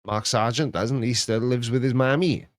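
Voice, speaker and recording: Male host, casual and mocking, medium pitch, dry mic. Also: moderate pace, no echo. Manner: rambling, mocking and animated. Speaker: host reacting to viewer comments. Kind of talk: casual chat.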